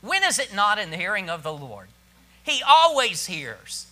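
Male pastor, very high sharp voice, dynamic sermon delivery. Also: huge pitch swings, normal speed. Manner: preaching with big swings from hushed to shouted. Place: church.

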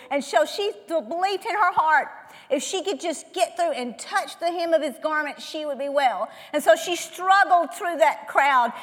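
Preaching in a high voice, a woman poses rhetorical question after rhetorical question to her audience. She alternates between forceful, emphatic delivery and quiet near-whispers, her words trailing into the lingering reverb of a church hall.

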